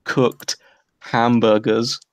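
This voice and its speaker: A man's voice: medium pitch, flat delivery, drawn-out words, no echo. A man with an English accent, co-hosting a livestream in crude, sarcastic casual chat. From England. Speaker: livestream co-host.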